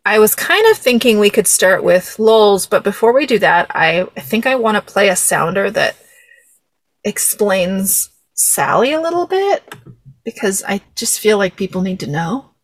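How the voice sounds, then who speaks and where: A woman's voice: mid-range voice, lively intonation, measured pace, dry recording. A young woman hosting a podcast, chatting casually and laughing, with many fillers. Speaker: podcast host. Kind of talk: casual chat about a film.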